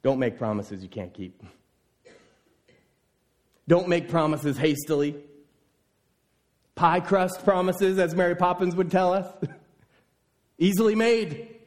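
A man preaching a sermon, telling a scripture story with lively, voiced exclamations. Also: on the high side, slow pace, long pauses.

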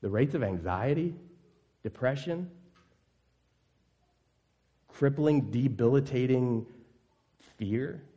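An earnest male pastor delivering a sermon at a mid-range pitch. He puts rhetorical questions to the congregation and drops to a hushed, low voice on the words that matter most. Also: expressive, slow pace, pauses often, highs cut off.

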